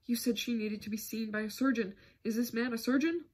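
A woman voicing a desperate middle-aged aristocrat father, urgent and pleading, in a husky tone. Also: a little high, steady tone, brisk, a little mellow.

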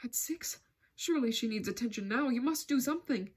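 Desperate noble dad, urgent and pleading, husky, as a woman reads him. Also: a little high, lively intonation, fairly quick. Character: desperate middle-aged aristocrat father.

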